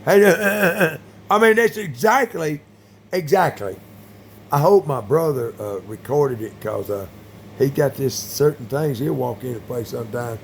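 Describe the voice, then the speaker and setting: Gravelly man rambling with sudden bursts. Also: medium pitch, moderate pace, a little hiss or hum. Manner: rambling, many fillers, sudden loud bursts. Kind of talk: rambling monologue.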